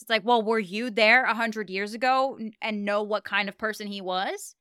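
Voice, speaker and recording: A young woman co-hosting a casual chat podcast, animated and laughing often as she retells scenes. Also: mid-range voice, normal speed, few pauses, clear, resonant tone, no room sound, clean studio sound. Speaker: podcast co-host.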